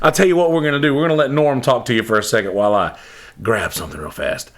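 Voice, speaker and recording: A man's voice: medium pitch, fast talker. A man hosting a podcast, chatting playfully with asides to his listeners. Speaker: podcast host. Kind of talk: casual podcast chat.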